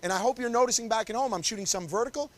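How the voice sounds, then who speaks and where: A man's voice: very high voice, rapid-fire. Upbeat male photographer coaching a couple. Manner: upbeat, coaxing, directs the couple constantly. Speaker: wedding photographer teaching. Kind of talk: live posing demonstration. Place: confined indoor shooting space.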